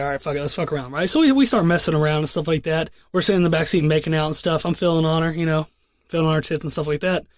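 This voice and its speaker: High-voiced young man telling rambling stories. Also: no echo, studio quality. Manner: profane, rambling, laid-back storytelling with many restarts. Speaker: podcast host. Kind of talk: casual podcast chat and storytelling.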